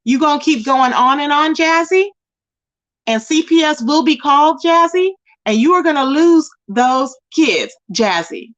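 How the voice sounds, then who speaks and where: A woman's high, slightly bright voice has lively intonation but an unhurried pace. On her commentary channel she directly scolds and confronts someone, saying their name repeatedly, captured in dull lo-fi audio.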